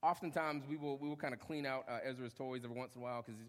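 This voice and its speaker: A young adult male pastor preaching a sermon, lively, acting out short quotes and joking with the congregation. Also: mid-range voice, rapid-fire. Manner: animated, acts out short quotes, jokes with congregation. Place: church hall. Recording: long hall reverb.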